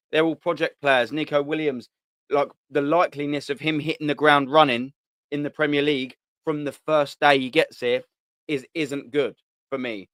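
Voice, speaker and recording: A man's voice: mid-range voice, a bit bright, clean tone, dry recording. A man hosting a live fan stream, chatting bluntly in slang, swearing and repeating himself as he reads out viewer comments. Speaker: host of a live fan show. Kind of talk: casual live-stream chat reading comments.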